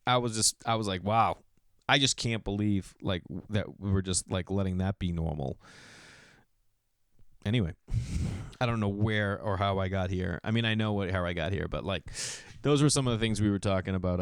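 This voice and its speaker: A man's voice: on the low side, clear, resonant tone, dry recording, clean studio sound. A middle-aged man hosting a podcast, telling loose, digressive comedic stories in a solo monologue. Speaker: podcast host.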